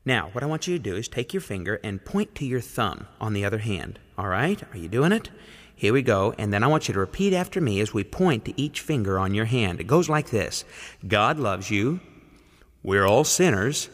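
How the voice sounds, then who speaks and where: A man preaching, slowly leading listeners through a call-and-response gospel lesson. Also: lowish voice, big pitch swings, long reverb tail. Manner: slow, coaxing, leads the listeners to repeat each phrase.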